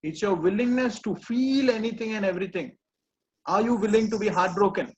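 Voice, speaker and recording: A man coaching a live group, gently repeating reassuring phrases. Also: high voice, brisk, muffled recording. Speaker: personal growth coach.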